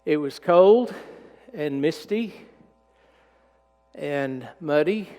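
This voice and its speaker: Folksy pastor in a reverberant sanctuary. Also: male voice, fairly high pitch, lively intonation, very slow. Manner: folksy, storytelling, drops to a hushed voice when emotional. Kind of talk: sermon. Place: church sanctuary.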